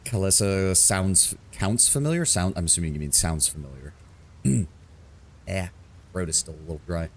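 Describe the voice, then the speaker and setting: A male game streamer with a very low, deep voice. He reads role-playing game text aloud and breaks off for joking asides to his chat. His talk is loose and conversational. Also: moderate pace, slight background noise. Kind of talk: live game stream with casual commentary.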